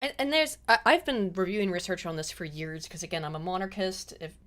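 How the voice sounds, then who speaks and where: A woman hosting a casual political chat, blunt and quick to swear, laughing now and then. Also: fairly low pitch, a bit bright. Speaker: host.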